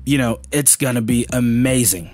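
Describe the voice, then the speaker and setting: Man, English teacher, podcast host, chatty upbeat lesson, mid-pitched voice, faint music behind. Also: moderate pace, a little mellow. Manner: chatty, upbeat, often says "you know".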